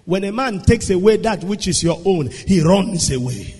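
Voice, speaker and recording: A man preaching a sermon, swinging between hushed storytelling and shouted declarations. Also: high-pitched, expressive, moderate pace, husky. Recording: long echo of a large hall.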